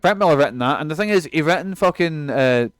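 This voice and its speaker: Speaking quickly and animatedly, this young male streamer offers loose, profanity-laced commentary on the game he's playing, with frequent laughter. His voice sits fairly high, and there's no room sound.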